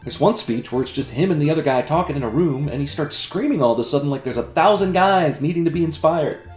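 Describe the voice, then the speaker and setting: A man's voice: fairly high pitch, animated, fast talker, a little mellow, reverberant, soft background music. A man in a comedy sketch, talking in a dry, sarcastic and critical way. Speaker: comedy video creator. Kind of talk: comedic self-debate sketch.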